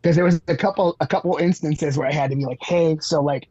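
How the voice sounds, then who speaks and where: A man's voice: on the high side, fast talker, darkish tone, highs cut off. A man, a musician guest on a podcast, telling rambling stories with lots of fillers and casual swearing.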